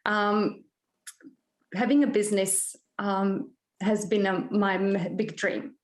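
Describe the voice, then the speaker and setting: A woman from Prague with a Czech accent giving a halting, emotional acceptance speech full of fillers and nervous laughter over a video call. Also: mid-range voice, level tone. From Czech Republic. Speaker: award winner. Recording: echoey room.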